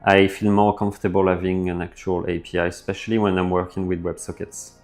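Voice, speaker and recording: Laid-back low-voiced man streaming live. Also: a little fast, faint music behind. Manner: relaxed, thinks aloud with fillers, reads chat messages out. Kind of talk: casual live stream chat reading viewer comments.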